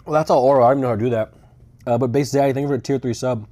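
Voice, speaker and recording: A young man races through his words in a medium-pitched, dark, steady-toned voice as he live-streams from a rental car on a road trip. His casual talk rambles along, peppered with swearing and dry, sarcastic asides.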